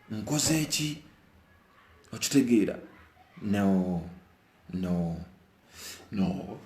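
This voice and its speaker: Emphatic Ugandan man, roomy echo. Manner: emphatic, repeats phrases over and over; mixes heated outbursts with low murmurs. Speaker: musician. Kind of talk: emotional monologue to camera.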